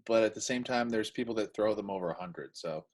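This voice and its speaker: A man chatting casually as he explains and demonstrates arm training drills, with relaxed everyday examples. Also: lowish voice, a little fast, poor audio. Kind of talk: casual instructional chat.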